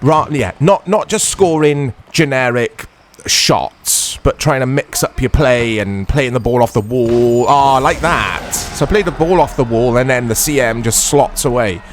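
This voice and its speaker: A man's voice: medium pitch, a little slow, soft background music. A man hosting a retro gaming channel, giving chatty, self-deprecating commentary to viewers as he plays. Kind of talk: casual gameplay commentary.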